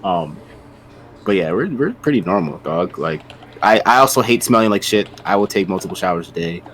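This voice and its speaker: A man from Maryland hosting his stream, telling stories in a relaxed, animated way. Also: sits low, fairly quick, slight background noise. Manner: animated storyteller, laughs loudly. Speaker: streamer host. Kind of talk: casual chat.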